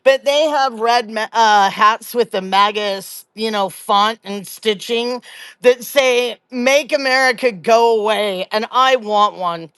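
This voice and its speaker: A woman's voice: medium pitch, slow, fairly bright tone, smooth, dry recording. A middle-aged woman from Louisiana hosting a live political commentary stream, chatty and sarcastic, with many fillers and restarts.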